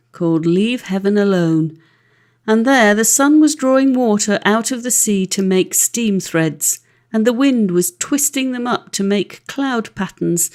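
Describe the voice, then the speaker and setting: Woman reading an old fairy tale audiobook, bit of gravel in her voice, lively delivery. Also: mid-range voice. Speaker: audiobook narrator. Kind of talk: storybook narration.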